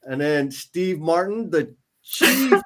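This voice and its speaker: Man, 30s, fairly high voice, casual livestream co-host, reads out comments, gets teary. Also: big pitch swings, slow, fairly bright tone. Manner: reads viewer comments aloud, gets tearful and emotional. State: emotional, near tears.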